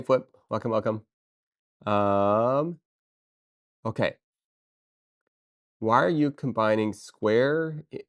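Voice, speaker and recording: A woman chatting casually with her viewers on a live stream, excitable and playful, talking straight to chat. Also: a bass voice. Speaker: livestreamer.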